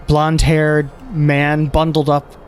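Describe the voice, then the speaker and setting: A man narrating as game master of a tabletop game, halting with many fillers. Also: on the high side, monotone, soft background music.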